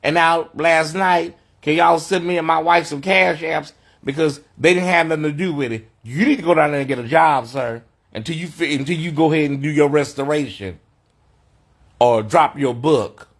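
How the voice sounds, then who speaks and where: A man's voice: on the high side, moderate pace. A man hosting an unscripted livestream, talking in a sassy, mocking way and calling people honey, from a hotel room. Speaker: host of a livestream commentary show.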